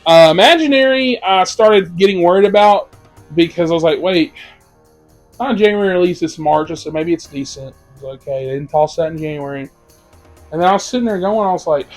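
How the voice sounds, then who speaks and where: High-voiced young man ranting about movies. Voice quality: profane, animated ranting. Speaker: movie reviewer. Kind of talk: casual ranked movie review.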